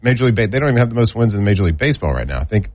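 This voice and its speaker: Low-voiced man with lively intonation. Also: very fast, breathy edge. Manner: questioning, teasing, hedged asides. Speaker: sports podcast co-host. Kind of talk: casual sports chat.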